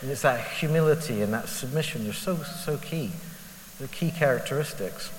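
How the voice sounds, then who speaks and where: A man's voice: medium pitch, moderate pace. A man giving a candid, conversational Bible reflection as a lay preacher, asking himself rhetorical questions with self-deprecating honesty. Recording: echoey hall with faint hiss.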